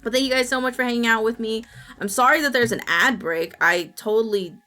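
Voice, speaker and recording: A woman's voice: a little high, a little fast, pushed and bright. A woman streamer chatting casually with her viewers, telling rambling stories and swearing casually. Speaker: Twitch streamer.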